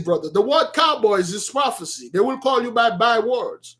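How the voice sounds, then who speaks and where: A man preaching to his followers in an emphatic, repetitive way, swinging between shouts and quiet asides. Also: very high-pitched, animated, moderate pace, few pauses, husky. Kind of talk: street-style sermon.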